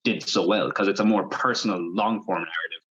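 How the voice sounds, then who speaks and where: A man with a husky, slightly raspy voice comes through dull, lo-fi audio. He co-hosts a podcast in casual chat and argues his points analytically, stacking them up as lists. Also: deep voice, brisk, a bit bright. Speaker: podcast co-host. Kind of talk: casual film-review chat.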